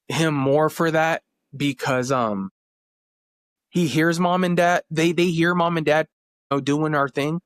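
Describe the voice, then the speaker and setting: A man in his thirties with a slightly high voice appears as a podcast guest, sharing family stories earnestly and with emotion. The casual interview is recorded cleanly in a studio with no room sound.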